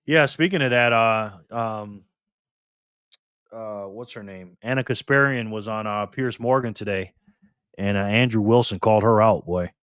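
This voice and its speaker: A man hosting a casual livestream, calling out viewers and donations with upbeat shout-outs. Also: fairly low pitch, moderate pace, clean tone, dry recording, clean studio sound. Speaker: livestream host.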